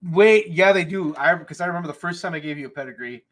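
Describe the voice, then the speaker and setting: A man co-hosting a casual podcast chat, who swears freely and laughs through animated stories. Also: a little high, quick pace. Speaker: podcast co-host.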